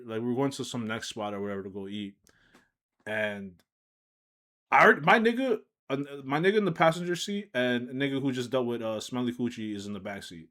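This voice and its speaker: A man streamer casually telling a personal story, animated and laughing, swinging between mumbles and shouts. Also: medium pitch. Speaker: streamer reacting to a video.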